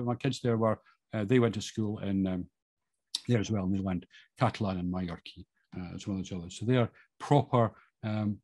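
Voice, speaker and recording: A man's voice: lowish voice, no echo. A middle-aged Scottish man talking casually about his life, rambling with many fillers and restarts. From Scotland. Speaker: podcast guest. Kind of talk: casual monologue.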